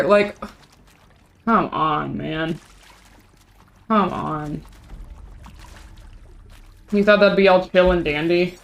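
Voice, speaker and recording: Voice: medium pitch, slow, gravelly, pauses often, a bit bright. Chatty, swearing streamer. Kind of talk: casual live-stream commentary.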